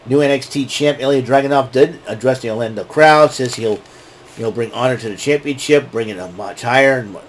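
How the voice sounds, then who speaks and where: A man with a medium-pitched voice hosts a casual wrestling recap in a rambling, excitable way. He keeps restarting his sentences as he goes. A faint hiss of noise sits under his voice. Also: fairly quick. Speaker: show host.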